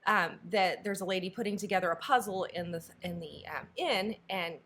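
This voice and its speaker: A woman's voice: fairly low pitch, moderate pace, a bit bright. A woman co-hosting a book review, casually retelling a story and acting out characters' lines.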